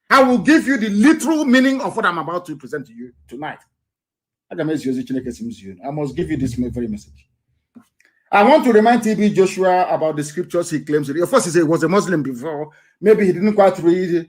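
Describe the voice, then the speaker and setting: A Nigerian-accented man with a fairly high voice preaches on a live broadcast. He lectures with scorn, reads scripture slowly, and swings between loud bursts and soft asides. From eastern Nigeria. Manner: reads Bible verses aloud slowly, pausing and restarting. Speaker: activist broadcaster.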